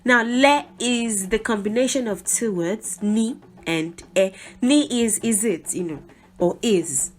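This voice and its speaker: Woman, middle-aged, language teacher, conversational explaining, middle pitch. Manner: chatty, explains with asides and small laughs.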